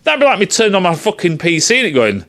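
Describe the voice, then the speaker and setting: A man's voice: high voice, wildly swooping pitch, quick pace, fairly bright tone. A man giving a profane, sarcastic film review rant, swearing freely and sounding exasperated.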